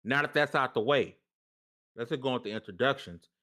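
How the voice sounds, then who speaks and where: A man's voice: mid-range voice, moderate pace, pushed and bright. A man hosting a gaming podcast, talking in loose, slangy banter and hyping up his chat. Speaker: podcast host.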